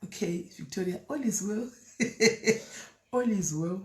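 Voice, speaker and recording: A woman's voice: medium pitch, animated, slow pace, echoey room. A woman hosting a casual live stream, reading out viewer comments and chatting freely between Shona and English with frequent laughs.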